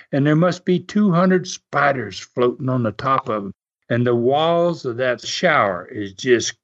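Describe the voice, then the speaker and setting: A man tells stories in a casual, animated way, laughing often between lines. His voice sits a bit high and rises and falls widely. The audio is dull and lo-fi. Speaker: podcast host telling wrestling stories. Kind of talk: casual storytelling.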